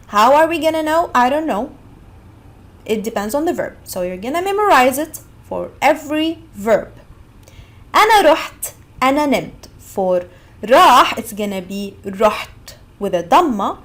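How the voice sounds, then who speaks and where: A woman from Egypt teaching an online language lesson, patiently repeating example words slowly and clearly. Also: sits high.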